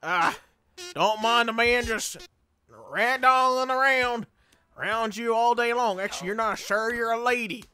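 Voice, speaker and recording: A young man doing excitable let's play commentary, yelping and laughing as he plays. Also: very high voice, normal speed, clean tone. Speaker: gaming channel host.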